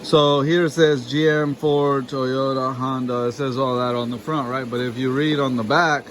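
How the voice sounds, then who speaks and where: A mechanic vlogger talks directly to his viewers, explaining a car job in a rambling, chatty how-to narration. His mid-range voice stays steady at a moderate pace, on a low-quality recording with slight background noise.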